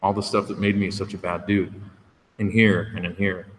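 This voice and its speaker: Man speaking at a recovery meeting podium. Frank, conversational testimony, fairly low voice, long reverb in the room. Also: level tone, normal speed. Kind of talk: candid personal testimony. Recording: reverberant room with faint background noise.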